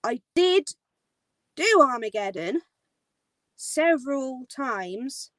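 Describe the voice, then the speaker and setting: Giggly high-voiced woman hosting a chat. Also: slow pace, no room sound, poor audio. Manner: excitable, giggly, rambling with many fillers. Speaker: host of a live theme park chat. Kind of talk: casual live-stream chat.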